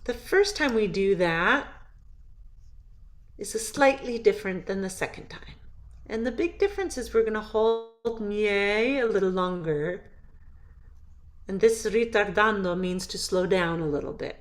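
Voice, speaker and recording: A woman's voice: medium pitch, animated, unhurried. A woman voice teacher who patiently explains a song, then sings phrases to show them. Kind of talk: singing lesson walkthrough.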